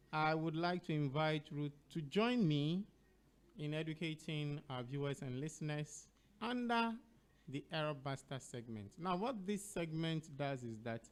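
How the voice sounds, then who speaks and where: A man with a Ghanaian English accent hosting an educational radio show, speaking slowly and deliberately and spelling words out letter by letter. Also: fairly high pitch.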